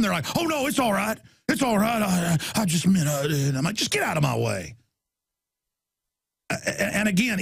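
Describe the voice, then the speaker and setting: A middle-aged man hosting a talk radio show, ranting aggressively with loud combative outbursts and a raspy voice. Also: high voice.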